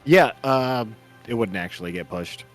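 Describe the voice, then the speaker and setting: A man running a tabletop game as game master, making easygoing rulings with frequent quick affirmations. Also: mid-range voice, lively intonation, faint music behind.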